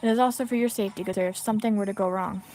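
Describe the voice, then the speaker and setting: A woman's voice: medium pitch, fairly even intonation, rapid-fire, a little mellow, close to an everyday voice. A woman voicing a stern, formal middle-aged female spirit medium who speaks stiffly and politely. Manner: stiff, formal, addresses others as good sir.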